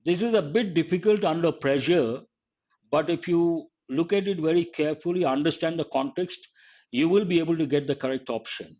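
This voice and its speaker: In a live exam-prep class, a male English teacher explains grammar step by step, repeating key phrases. His voice is a little high and darkish at a moderate pace, and the online class audio is dull and lo-fi.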